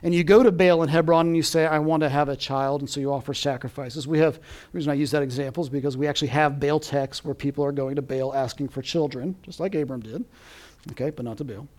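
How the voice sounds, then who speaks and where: A man teaching a Bible class, lecturing lively and asking his listeners to repeat Hebrew words, with frequent checks of "okay?". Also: on the high side, quick pace.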